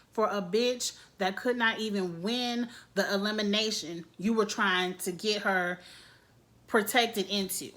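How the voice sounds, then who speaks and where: A woman recapping reality TV in a casual vlog, with a slightly high voice. She talks in an animated, gossipy way and breaks into laughter often.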